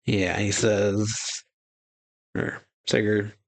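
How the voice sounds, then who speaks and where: A man's voice: on the low side, creaky, no echo. A man hosting a reaction channel who casually reads and paraphrases a manga chapter aloud, chuckling often and correcting himself as he goes. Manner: paraphrases character dialogue aloud with frequent chuckles; loose, rambling narration with self-corrections.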